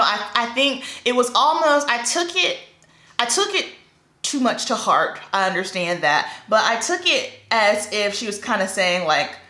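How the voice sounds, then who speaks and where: A woman hairstylist telling stories in a casual, chatty way while doing her makeup, acting out the dialogue. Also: medium pitch. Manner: chatty, animated, acts out dialogue. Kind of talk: casual get-ready-with-me storytelling. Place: indoors at home, doing makeup. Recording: echoey room.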